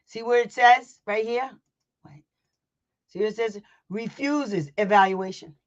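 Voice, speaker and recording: Speaking a little slowly in a mid-range voice, a no-nonsense advocate coaches parents online in a loose session captured on a slightly dull, lo-fi recording. She is brash and emphatic, swearing and laughing a lot, acting out both sides of a school meeting and driving points home by repetition.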